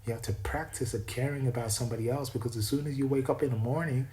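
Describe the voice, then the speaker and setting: A man's voice: mid-range voice, steady tone, fast, dark tone, poor audio. A man with a self-described imperfect East Coast American accent, giving a rambling spiritual monologue and often stopping to restart his sentences. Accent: East Coast American, self-described as not perfect. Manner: meandering and reflective, with frequent restarts.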